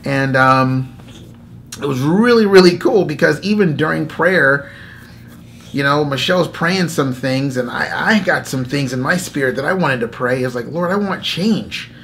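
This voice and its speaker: Animated man telling a faith story. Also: fairly high pitch, moderate pace, vocal fry, slight background noise. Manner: animated storyteller acting out inner dialogue; laughs often between phrases. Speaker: host. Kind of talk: casual spoken testimony.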